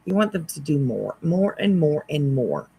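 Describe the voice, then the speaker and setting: A commentary host talking wryly over a livestream, hesitant with many pauses and restarts. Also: medium pitch, very animated, gravelly, mellow, husky, no room sound, poor audio.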